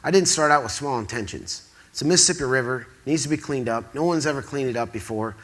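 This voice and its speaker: Man, from the midwest, storytelling on stage, excitable, rambling, bright forceful voice. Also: mid-range voice, quick pace. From Quad Cities, US Midwest. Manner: excitable, rambling, acts out quoted dialogue. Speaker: speaker at an awards event. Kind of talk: storytelling to a live audience. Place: theatre stage.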